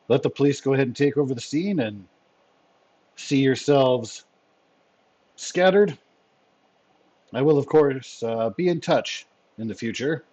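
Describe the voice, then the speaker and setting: A man voicing a formal male spy chief who speaks in a measured, dryly wry way. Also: medium pitch, darkish tone, voice pushed up.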